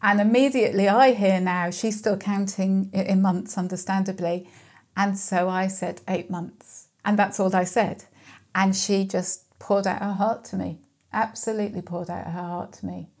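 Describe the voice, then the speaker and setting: A woman's voice: mid-range voice, fairly even intonation, moderate pace, darkish tone. A woman guest speaking in an earnest, reflective, storytelling way during a conversational interview. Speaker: mental health guest speaker.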